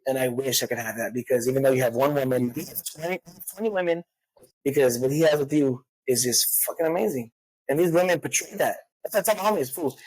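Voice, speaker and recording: A woman's voice: extremely low pitch, quick pace, darkish tone, breathy edge, poor audio. A woman telling stories in a casual chat, profane and acting out the voices of people she quotes.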